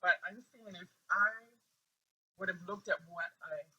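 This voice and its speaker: Guy in a workshop telling a story, earnest, kinda husky, really bright voice. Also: high voice, steady tone, unhurried, highs cut off. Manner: earnest, a little emotional. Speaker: workshop participant. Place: training room with a group.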